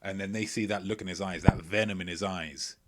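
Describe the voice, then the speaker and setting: Male quiz host, lowish voice, jokey and rambling, streaming from home. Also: fairly even intonation, a little fast, a bit bright. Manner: playful, rambling, jokey asides. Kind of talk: live-streamed quiz hosting, reading chat. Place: at home, indoors.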